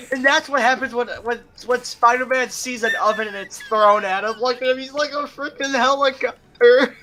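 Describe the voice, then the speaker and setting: A woman giving casual gameplay commentary, excitable and giggly, laughing constantly as she plays. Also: fairly high pitch, moderate pace. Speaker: gamer.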